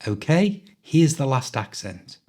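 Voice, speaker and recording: A man with a mild Liverpool Scouse accent, hosting an accent quiz in a clear, teacherly way. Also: mid-range voice, sing-song, a little slow, mellow. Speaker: podcast host, English teacher. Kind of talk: quiz host, scripted podcast.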